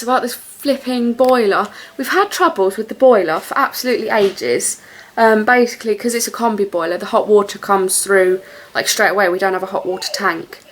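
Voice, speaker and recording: A woman's voice: medium pitch, slight background noise. A young woman chatting casually to camera at home, rambling with lots of fillers. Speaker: vlogger.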